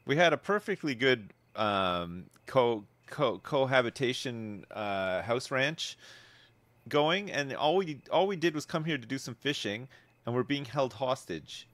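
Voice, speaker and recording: A man gives wry, casual commentary while playing a life-sim game, laughing often and swinging between amused outbursts and low mutters. His delivery is animated but unhurried, slightly bright, with no echo.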